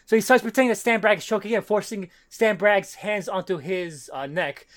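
Man, high voice, quick talker, animated casual retelling. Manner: animated, acts out quotes, swears. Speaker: podcast co-host. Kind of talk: casual chat, retelling a comic.

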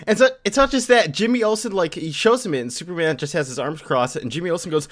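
A man's voice: fairly high pitch, quick pace, few pauses, fairly bright tone. A man co-hosting a casual podcast, quoting characters with mock outrage and laughter. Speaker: podcast co-host. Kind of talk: casual comic book discussion.

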